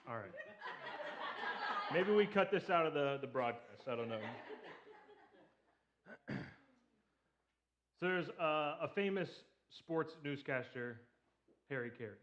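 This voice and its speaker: A man's voice: on the high side, lively intonation, slow, pauses often, a bit bright, highs cut off, a little hiss or hum. A man preaching a casual sermon in a church, joking and posing questions to the congregation. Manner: joking, conversational, asks the audience questions. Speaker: pastor. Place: church sanctuary.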